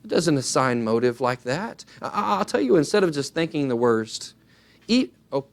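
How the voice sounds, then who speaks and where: A man preaching a sermon, earnest and emphatic, swinging his pitch widely and acting out little dialogues as he goes. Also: big pitch swings, normal speed, gravelly.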